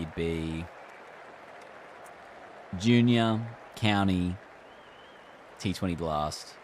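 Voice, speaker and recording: A man's voice: low voice, creaky, noisy background. An Australian man chatting casually on a live stream, reacting to a game and reading chat aloud. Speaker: gaming streamer.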